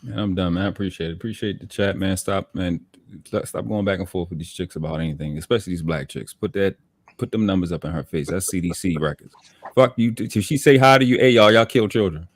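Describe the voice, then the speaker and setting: Talking fast in a low voice with no echo, this Baltimore man, a parent, joins a livestream podcast as a guest and rants with heavy cursing in his local accent.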